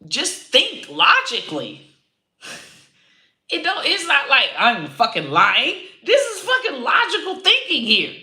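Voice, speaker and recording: A woman comedian ranting to camera, loud and profane, swearing freely and laughing at her own jokes. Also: high-pitched, huge pitch swings, unhurried, reverberant. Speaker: comedian and online creator. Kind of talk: unscripted profane rant to camera.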